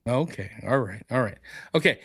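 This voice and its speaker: A man's voice: medium pitch, lively intonation, moderate pace, fairly bright tone, husky, no room sound, studio quality. A man co-hosting a podcast, easygoing and agreeable in casual chat. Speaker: podcast co-host.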